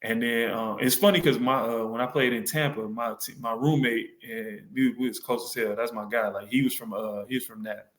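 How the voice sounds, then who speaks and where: A man's voice: mid-range voice, steady tone, a little fast, fairly bright tone, echoey room. A young man from Detroit with a Detroit accent, chatting casually on a podcast, laughing often and acting out quotes. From Detroit, USA. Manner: laid-back, laughs often, acts out quotes. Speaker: podcast host. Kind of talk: casual chat.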